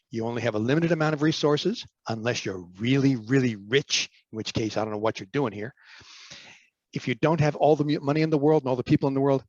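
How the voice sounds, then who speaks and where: A man's voice: medium pitch, dry recording, lo-fi sound. A man giving an energy talk as an informal lecture over a video call, plain-spoken and emphatic, often hesitating with "uh". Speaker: energy expert presenter.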